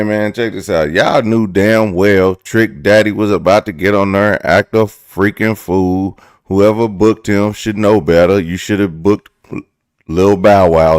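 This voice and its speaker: A man hosts a laid-back commentary video, talking straight to his viewers in slang. His voice sits fairly low, and it is recorded dry and close with no room sound. He keeps asking his audience rhetorical questions. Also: darkish tone, no room sound. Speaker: host. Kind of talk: casual commentary.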